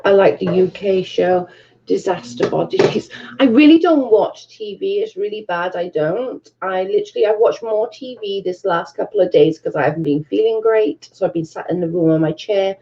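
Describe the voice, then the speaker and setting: A woman's voice: mid-range voice, moderate pace, warm tone, lo-fi sound, a little hiss or hum. A British woman hosting a casual livestream from her bedroom, chatting and reading out viewer comments, swearing freely. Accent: British English. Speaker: livestream host.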